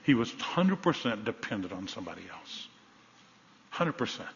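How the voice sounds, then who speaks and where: A male pastor preaching a sermon, telling a story with animated emphasis and dropping to quiet, soft moments. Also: on the low side, normal speed, creaky, a little hiss or hum. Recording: dull sound in a large reverberant hall.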